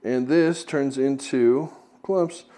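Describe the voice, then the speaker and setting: Background noise accompanies this cooking video host, a man who takes his time with a medium-pitched voice. Working in a home kitchen, he keeps the tutorial casual, chatty and jokey, often poking fun at himself.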